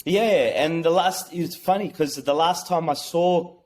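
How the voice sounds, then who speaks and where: A young man telling a personal story as a podcast guest, excited and swearing, often restarting his sentences. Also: fairly high pitch, unhurried.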